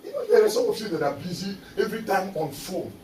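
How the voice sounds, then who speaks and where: A male pastor preaching a sermon, telling funny stories and often breaking into shouts. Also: high voice, expressive, quick pace, a little hiss or hum. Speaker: visiting pastor. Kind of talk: sermon with humorous storytelling. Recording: echoey church hall, mic at a distance. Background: congregation responding.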